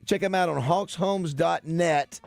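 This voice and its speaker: A man hosting a casual radio show, halting and repeating words as he talks. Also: on the high side, vocal fry, soft background music. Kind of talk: casual sports radio banter. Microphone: studio microphone.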